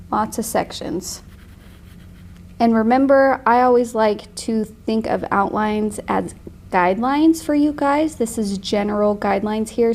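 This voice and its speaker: Gravelly-voiced woman teaching painting. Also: mid-range voice, darkish tone. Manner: chatty, laughs easily. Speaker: painting instructor. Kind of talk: casual tutorial.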